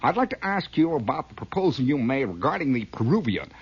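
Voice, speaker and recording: A man's voice: medium pitch, very animated, a little fast, breathy edge, voice pushed up. A man voicing a stern male TV interviewer who fires pointed, accusing questions. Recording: dull lo-fi old recording.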